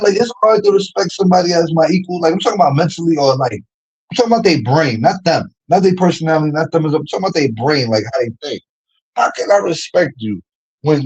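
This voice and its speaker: A man holds forth in a slangy livestream rant, animated and quick to laugh. His voice sits a bit high and carries a husky, breathy edge. He mocks people by putting on their voices mid-story. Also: poor audio. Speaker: streamer.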